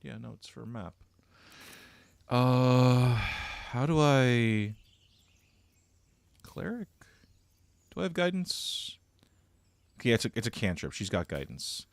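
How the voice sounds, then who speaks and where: A man's voice: medium pitch, very animated, slow pace, creaky, long pauses, no echo. A young man streaming a video game, joking around theatrically and talking to his chat. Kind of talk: casual gameplay commentary.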